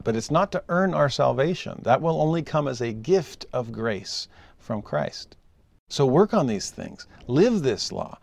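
A man teaching a scripture lesson in a dry, close recording. He is emphatic, dropping into soft asides and then lifting into raised exclamations. His voice sits at an ordinary middle pitch. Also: no echo.

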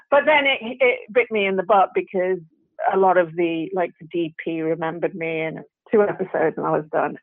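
Chatty actress on a tinny phone line. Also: female voice, medium pitch, dry recording. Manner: chatty, animated anecdotes with British slang and laughs. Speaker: actress guest. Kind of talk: casual storytelling interview.

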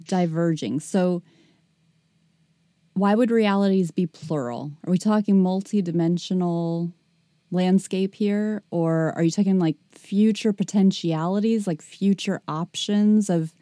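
Female podcast host, slow and mellow, chatty with fillers, dry close recording. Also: lowish voice, no echo. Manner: warm, chatty, frequent laughter and fillers. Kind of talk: casual podcast chat.

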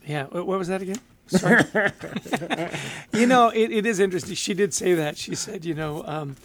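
A man co-hosting a podcast in casual chat, upbeat and quick to laugh. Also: high-pitched, a bit bright, slight background noise. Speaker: podcast co-host.

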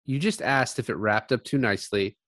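A man talking loosely about a film with a friend, blunt and cheerfully profane. His voice sits at an ordinary middle pitch and sounds dry and close, with almost no room around it. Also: brisk, fairly bright tone, no room sound. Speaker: podcast co-host. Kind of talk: casual movie chat.

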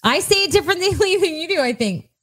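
A woman's voice: very high-pitched, animated, fairly quick, a bit bright, no echo. A woman from South Texas with a South Texas accent, co-hosting a casual chat and laughing often. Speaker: co-host. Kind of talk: casual banter.

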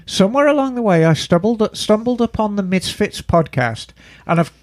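A man's voice: high voice, animated, moderate pace, dry recording, studio quality. A man co-hosting a podcast, reading a listener email aloud and breaking in with playful jokey asides. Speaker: podcast co-host.

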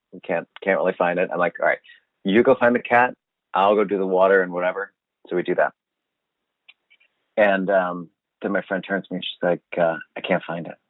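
A man telling a funny story in a casual chat, animated and swearing, acting out what he said at the time. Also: low voice, no room sound. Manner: animated, swearing, acts out his own quotes. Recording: dry, phone-like sound.

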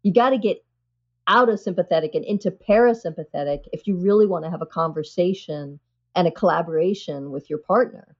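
A woman's voice: on the low side, brisk, breathy edge, muffled recording. A woman psychiatrist, a guest on an interview show, explaining things earnestly and with animation, often saying "you know".

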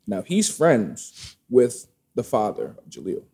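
A man casually telling a personal story, candid and animated, acting out the dialogue. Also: medium pitch, slow, slightly rough. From Brooklyn, New York family roots.

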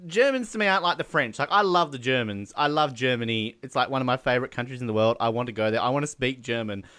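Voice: mid-range voice, quick pace, a bit bright, no room sound. A podcast co-host in casual movie chat, enthusiastic and laughing often.

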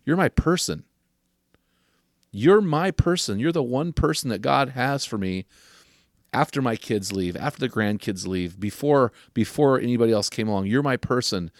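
An older man hosting a podcast, giving earnest advice to men and slowing down to stress key questions. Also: mid-range voice, expressive, no echo, clean studio sound. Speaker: podcast host.

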